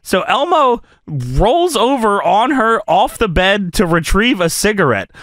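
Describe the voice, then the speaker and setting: A man's voice: sits high, sing-song, measured pace, fairly bright tone, no room sound, studio quality. Giggly man narrating a clip. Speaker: podcast co-host. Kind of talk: casual podcast commentary.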